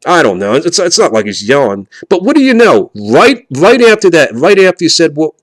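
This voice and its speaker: A man's voice: on the high side, wildly swooping pitch, moderate pace, dry recording. Man in a rambling, dry-sounding rant. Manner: rambling, full of fillers and restarts, grows heated and indignant. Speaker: vlogger.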